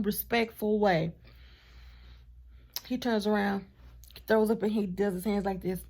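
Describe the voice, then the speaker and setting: A woman vlogger telling a storytime in a chatty, animated way, with asides to her partner off camera. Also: mid-range voice, normal speed, vocal fry. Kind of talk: casual storytime vlog.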